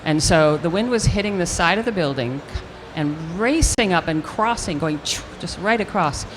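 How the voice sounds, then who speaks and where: Older woman telling a lively stage anecdote. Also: on the low side, moderate pace, over music. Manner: animated anecdote-telling, acting out quotes. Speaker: interview guest, actress. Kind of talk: storytelling in a live stage interview. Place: convention stage with audience hall ambience.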